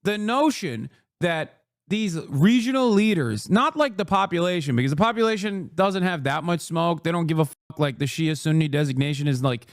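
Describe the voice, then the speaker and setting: A man's voice: on the high side, expressive, normal speed, no room sound, clean studio sound. A man hosting a live stream, reacting to clips with heated, profane ranting. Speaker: streamer host.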